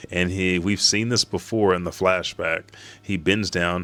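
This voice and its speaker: A man with a low voice, speaking at a moderate pace, hosts a live reaction to a manga chapter. His recap is excited, rambling, and profane.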